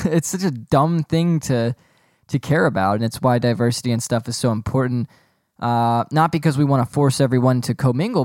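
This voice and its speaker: A man's voice: mid-range voice, a little mellow, no echo, studio quality. Sarcastic young man ranting on a podcast. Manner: rambling, sarcastic, breaks into giggling fits. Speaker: podcast host. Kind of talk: casual solo podcast rant.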